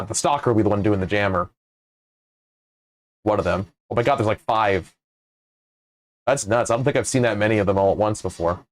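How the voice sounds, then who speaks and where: A man co-hosting a gaming stream, chatting casually, laughing often and swearing now and then. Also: lowish voice. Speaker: co-host running the game controls.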